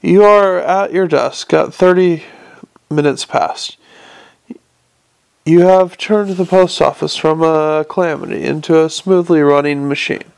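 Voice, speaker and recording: A man voicing an urbane male city tyrant who speaks in a dry, measured, faintly mocking way. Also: on the high side, gravelly, a little mellow, clear, resonant tone.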